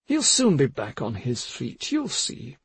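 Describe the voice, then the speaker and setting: A man's voice: mid-range voice, wildly swooping pitch, unhurried, no echo, exaggerated voice. A man voicing a cold, calculating female doctor who speaks in a soothing, businesslike way. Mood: coolly persuasive. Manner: smooth, soothing yet businesslike.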